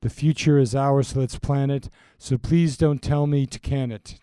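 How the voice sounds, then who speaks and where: Man reading earnest young groom-to-be, mellow tone, dry close sound, lyrics spoken as verse. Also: mid-range voice, fairly even intonation, moderate pace, smooth, no room sound, lightly acted.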